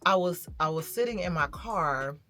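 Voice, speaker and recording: A woman's voice: lowish voice, lively intonation, moderate pace, sharp tone, faint music behind. A woman vlogging in a candid, reflective way, telling a personal story and talking straight to her viewers. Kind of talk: candid casual vlog talk.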